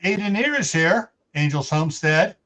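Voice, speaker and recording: Chatty middle-aged male host with a high voice, laughs easily, reads out viewer comments. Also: expressive, normal speed, fairly bright tone. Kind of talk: casual livestream chat.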